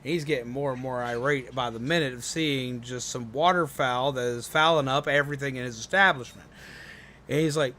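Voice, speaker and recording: A man streaming a game, telling a joke in a casual, animated way that swings from loud to mumbled. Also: mid-range voice, a little fast.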